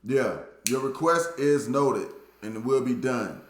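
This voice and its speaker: A man's voice: mid-range voice, unhurried. Man, Southern accent, casual commentator answering viewer comments; laid-back and plainspoken, recorded in an echoey room. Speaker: YouTube commentator.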